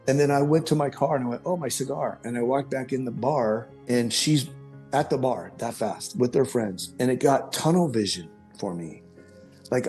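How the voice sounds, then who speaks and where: A middle-aged man, a podcast guest, telling his life story in a rambling, animated way, with frequent restarts and self-corrections. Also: mid-range voice. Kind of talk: personal storytelling.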